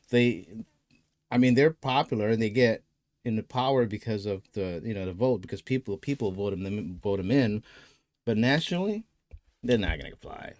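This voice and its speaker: A man's voice: mid-range voice, a little mellow, no echo. A man commenting casually on a clip, rambling and searching for words with lots of fillers.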